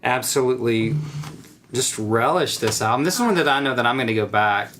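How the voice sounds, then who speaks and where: A man's voice: medium pitch, animated, brisk, fairly bright tone. A man hosting a podcast interview, asking affable, rambling questions full of fillers. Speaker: podcast host. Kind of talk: casual interview chat.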